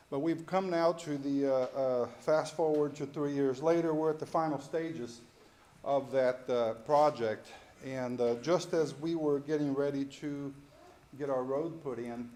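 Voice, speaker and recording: A man, addressing a city council politely and in a measured way, with frequent fillers. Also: medium pitch, warm tone. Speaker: local property owner addressing the council. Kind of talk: public comment at a council meeting.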